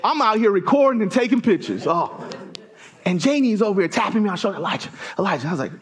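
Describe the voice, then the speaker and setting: A man from Southern Africa preaching a sermon, telling funny stories to the congregation with wide swings in pitch. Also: fast talker. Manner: animated, storytelling with jokes to the congregation; lively pitch swings, rising high for emphasis.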